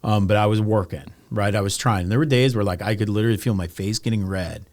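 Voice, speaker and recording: In a dry recording, a man in his thirties speaks quickly in a fairly low, slightly mellow voice. He's a real estate agent appearing as a podcast guest, telling candid stories loosely and casually, with lots of "like" and the occasional curse word.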